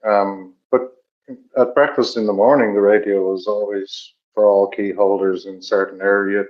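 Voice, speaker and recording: A middle-aged man from Dublin with an Irish accent, telling stories in a measured, reflective way with many pauses. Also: lowish voice, level tone. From Ireland. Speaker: podcast co-host. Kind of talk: reflective storytelling chat. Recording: dull lo-fi recording.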